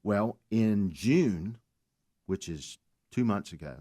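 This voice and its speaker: A man with a fairly low voice tells his story on a talk radio show. He speaks earnestly, with faith woven into what he says. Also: expressive, slow, dark tone. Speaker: guest.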